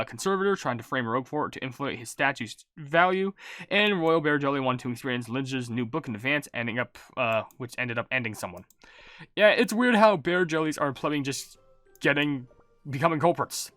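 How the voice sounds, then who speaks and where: A man casually reading out viewer comments as a gaming YouTuber, rambling and self-mocking, relaxed as if he just woke up. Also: a little high, no echo. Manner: rambling, self-mocking, swaps swear words for silly substitutes; relaxed and laid-back.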